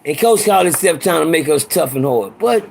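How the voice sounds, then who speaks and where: A man's voice: fairly high pitch, lively intonation, fairly quick, vocal fry, a little mellow, a little hiss or hum. A man telling a rambling, profane story from his past in a casual way, often repeating himself.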